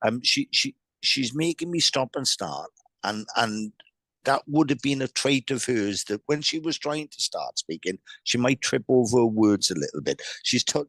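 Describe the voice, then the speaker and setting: A man in his fifties from South Wales, with a medium-pitched and fairly bright voice, gives a live mediumship reading, with no room sound. He's friendly and chatty, often stammering and restarting his sentences.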